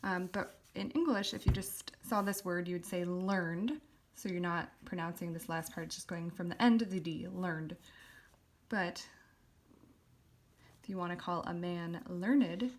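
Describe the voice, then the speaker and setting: A woman calmly teaching a calligraphy lesson, explaining step by step with occasional ums while she writes. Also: fairly low pitch. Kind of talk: instructional voice-over while writing.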